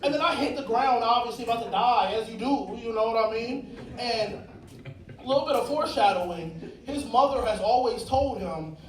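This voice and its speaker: A man's voice: extremely high pitch, moderate pace, far from the mic. A man doing a stand-up comedy set, telling crude, profane stories on a club stage. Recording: echoey club mic with loud crowd. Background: audience laughter.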